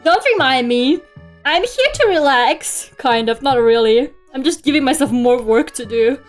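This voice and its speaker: A woman's voice: sits high, expressive, normal speed. A young woman chatting casually on a stream while drawing. She grumbles, swears freely and giggles often. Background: faint music.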